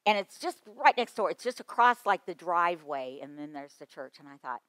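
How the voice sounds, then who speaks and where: A middle-aged woman giving a storytelling talk to children's ministry teachers, lively, with quick asides and chuckles. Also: fairly low pitch, no room sound. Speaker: children's ministry workshop speaker.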